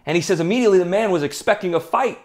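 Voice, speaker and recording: A man with a high voice speaks very fast as a podcast host, giving an earnest, emphatic motivational talk and telling anecdotes.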